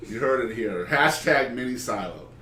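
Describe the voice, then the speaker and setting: A man's voice: mid-range voice, expressive, moderate pace, pushed and bright. A man hosting a casual interview, joking and bantering playfully with his guests. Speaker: podcast host. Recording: roomy, distant mic, faint noise.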